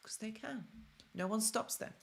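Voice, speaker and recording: A woman's voice: a little high, moderate pace, gravelly. A woman hosting a live stream, talking casually and emphatically to her viewers. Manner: emphatic and excitable, addressing viewers directly. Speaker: host of a live stream on toxic relationships.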